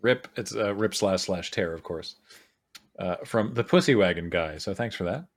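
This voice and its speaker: A man co-hosting a casual group chat, reading out listener suggestions with frequent laughter and quick asides. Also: deep voice. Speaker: podcast co-host.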